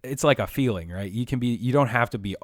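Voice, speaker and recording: A man's voice: mid-range voice, quick pace, dry recording, clean studio sound. A young man co-hosting a casual podcast, teasing and pushing his friend with joking banter. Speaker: podcast co-host.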